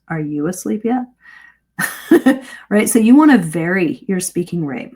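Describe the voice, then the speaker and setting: A woman teaching English speaking in a live online lesson, lively and demonstrative, asking her listeners questions. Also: fairly low pitch, slow, a little hiss or hum.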